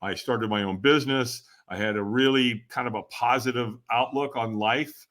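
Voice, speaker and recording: A middle-aged man, a podcast guest, telling animated stories with frequent laughs and acted-out dialogue. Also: medium pitch, normal speed. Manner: animated storyteller, laughs often, acts out quoted dialogue. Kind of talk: storytelling interview.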